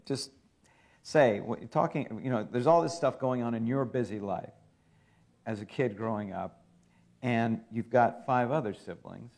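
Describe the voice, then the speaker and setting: A man's voice: mid-range voice, a little slow, darkish tone. Chatty male interview host. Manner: supportive, chatty, asks follow-up questions. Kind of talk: casual interview.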